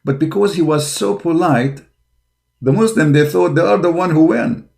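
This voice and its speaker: A man's voice: fairly high pitch, normal speed, creaky, darkish tone. A man giving an impassioned online commentary in non-native English. He talks in a combative, preaching way, with frequent fillers. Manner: combative and preaching, grows heated and mocking. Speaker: religious commentator.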